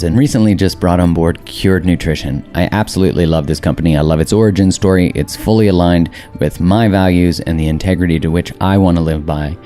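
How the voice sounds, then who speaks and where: A man's voice: low-pitched, warm tone. A man hosting a podcast, reading a sponsor message with enthusiasm. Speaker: podcast host. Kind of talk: read sponsor ad and interview.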